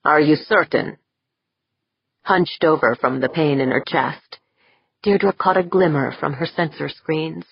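Slow low lady reading a story, husky, dull muffled sound. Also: dry recording. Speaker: audiobook narrator. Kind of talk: scripted narration.

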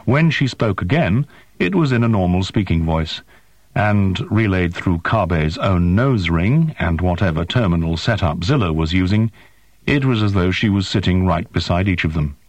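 A man narrating a science fiction audiobook in a measured, descriptive reading. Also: low voice, animated, no echo. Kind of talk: scripted narration.

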